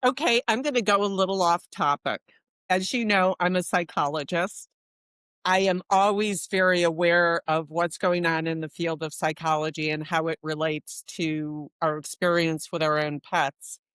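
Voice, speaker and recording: Smooth low-voiced woman guest. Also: fairly even intonation, normal speed, fairly bright tone, dry recording, studio quality. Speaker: guest expert on dog feeding. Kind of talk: podcast interview answers.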